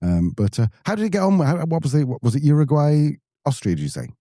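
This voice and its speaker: A man's voice: on the high side, big pitch swings, quick pace, warm tone, dry recording, studio quality. A man with an English accent hosting a podcast, joking and teasing his co-host. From England. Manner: jokey, teasing. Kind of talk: casual chat.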